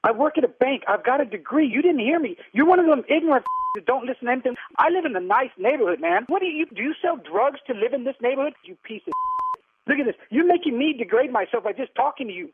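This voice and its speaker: A man with a strikingly high voice argues hard over the phone, firing back one indignant retort after another. The sound is thin and tinny, squeezed through a phone line. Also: lively intonation, slightly rough, dry recording. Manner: indignant, insulting, rapid-fire retorts. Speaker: prank call target. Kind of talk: heated phone argument. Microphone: telephone.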